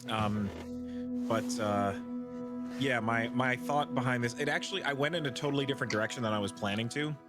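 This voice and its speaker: A man's voice: mid-range voice, brisk, loud music behind the voice. A man playing in a tabletop game, thoughtfully explaining his character choices. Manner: thoughtful, explaining, hesitant fillers. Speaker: player. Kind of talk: casual chat.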